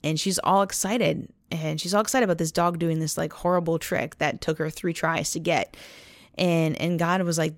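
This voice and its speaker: A woman's voice: sits low, steady tone, normal speed, no room sound, clean studio sound. A woman co-hosting a faith podcast, telling a long story in a rambling way and saying "like" constantly. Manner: rambling storytelling, heavy use of "like". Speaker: podcast co-host.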